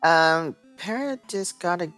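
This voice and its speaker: Texan man with a lively, swinging voice. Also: high-pitched, measured pace, soft background music. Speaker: tournament commentator. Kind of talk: casual game commentary.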